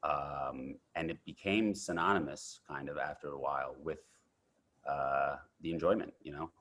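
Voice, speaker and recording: A man in his thirties, an actor guest telling animated stories in a casual interview, full of fillers and restarts. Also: a bass voice, moderate pace. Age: 30s.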